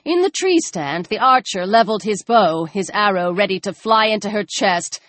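A woman narrating an audiobook, expressive, her voice rising in the tense action scenes. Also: medium pitch, normal speed, few pauses, dry recording. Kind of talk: scripted narration.

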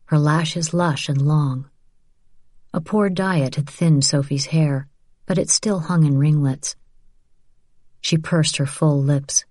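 A woman reading an audiobook in measured, even scripted narration. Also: low-pitched, no room sound, clean studio sound.

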